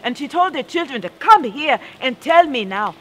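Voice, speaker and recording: A woman performing a spoken-word story with a deliberate, dramatic delivery and rhythmic repetition. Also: high-pitched, sing-song, fairly bright tone, a little hiss or hum, rough recording.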